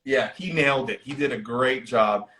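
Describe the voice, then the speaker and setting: A man hosting a casual movie discussion on a livestream, animated and profane as he retells scenes. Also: medium pitch, moderate pace, echoey room, a little hiss or hum. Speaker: podcast host.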